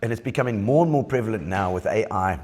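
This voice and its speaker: A South African man with an Eastern Cape accent chatting as a podcast guest, an animated storyteller who laughs often and restarts his sentences. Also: fairly low pitch, fast, big-room sound. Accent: South African English, Eastern Cape. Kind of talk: casual chat. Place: bowling club.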